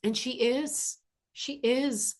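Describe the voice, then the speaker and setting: A woman's voice: high-pitched, steady tone, very slow. A woman spiritual teacher giving an earnest, emphatic inspirational monologue, often repeating key phrases for weight.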